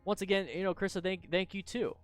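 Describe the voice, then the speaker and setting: A man hosting a live stream, chatting casually as he reviews motorcycle crash videos and sometimes bursts into loud, excited shouts. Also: high voice, brisk, faint music behind.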